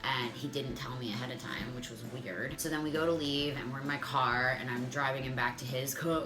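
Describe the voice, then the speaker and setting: A woman's voice: extremely low pitch, fairly quick, hardly any pauses, soft background music. A woman in her thirties telling a comic dating story, swearing a lot and saying "like" constantly. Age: 30s. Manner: profane, animated, fillers of "like". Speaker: vlogger. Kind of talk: comedic storytime monologue.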